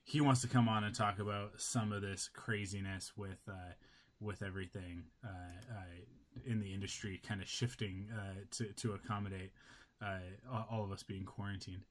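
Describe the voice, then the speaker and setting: Low-voiced rambling podcast host man. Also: fairly even intonation, normal speed. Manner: rambling, many fillers. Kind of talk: casual podcast chat.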